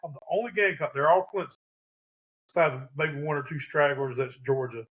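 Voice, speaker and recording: A man co-hosting a podcast, chatting casually with quick, laughing reactions and relaxed Southern phrasing. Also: on the high side. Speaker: podcast co-host. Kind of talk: casual chat.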